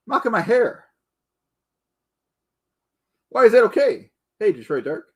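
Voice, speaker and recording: A man's voice: very high-pitched, big pitch swings, a little slow, long pauses, breathy edge. A man in a rambling comedic rant, indignant and boastful, calling himself the Duke and stumbling over repeated words. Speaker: comedic ranter.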